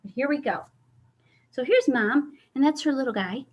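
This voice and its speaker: A woman's voice: high voice, moderate pace, breathy edge, muffled recording. A woman hosting a children's story time over a video call, reading a picture book aloud and asking the children questions. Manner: animated, asks children questions.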